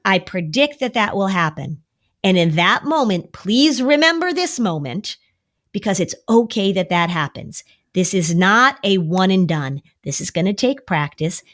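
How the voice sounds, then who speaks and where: Woman therapist explaining worry, animated. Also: mid-range voice, measured pace. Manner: animated, acts out quoted voices of worry and kids. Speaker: therapist and podcast host. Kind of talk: podcast conversation.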